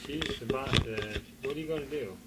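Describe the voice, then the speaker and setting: Man hosting a family home tape, jokey showman patter, middle pitch, heavy hiss. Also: fairly quick. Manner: teasing, mock-showman patter. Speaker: family emcee introducing children. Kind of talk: playful home-recording announcing. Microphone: handheld microphone.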